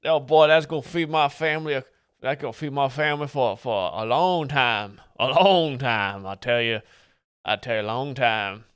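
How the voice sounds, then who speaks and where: A man's voice: medium pitch, moderate pace, fairly bright tone, smooth, no echo, studio quality, natural voice. Folksy boastful bayou man with a Cajun drawl, put on by a man. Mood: grateful.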